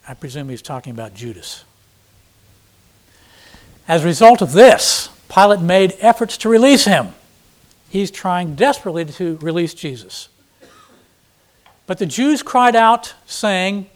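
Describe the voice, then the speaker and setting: A man's voice: high-pitched, lively intonation, slow pace, long pauses. A man preaching a sermon, reading scripture and explaining it in blunt, plain paraphrase, with dramatic emphasis on quoted lines. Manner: dramatic, acting out quoted speakers with sudden loud emphasis. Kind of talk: expository sermon.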